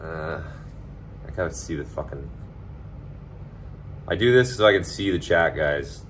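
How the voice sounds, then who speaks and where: Deep voiced guy just rambling to his stream chat, swears a lot, faint noise behind. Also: a little slow. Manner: rambling, loose and profane, full of filler words. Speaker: livestreamer. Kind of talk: casual livestream chat.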